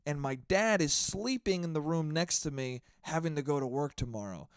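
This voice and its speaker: A man's voice: a little high, a little mellow, dry recording. Brief: a young man rambling alone into a mic, loose and profane, in a dry, close sound. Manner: rambling, heavy swearing, laughing asides. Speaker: podcast host. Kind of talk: casual solo podcast. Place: his apartment, indoors.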